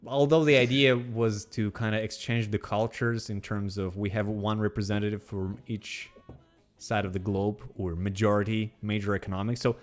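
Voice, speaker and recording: Low-voiced man with a Russian accent. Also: level tone, moderate pace. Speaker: podcast co-host. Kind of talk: casual chat.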